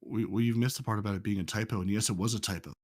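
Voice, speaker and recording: A man from the United States on a casual podcast, reading out game numbers in a deadpan, methodical way. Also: lowish voice, very fast, dry recording, clean studio sound. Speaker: podcast co-host.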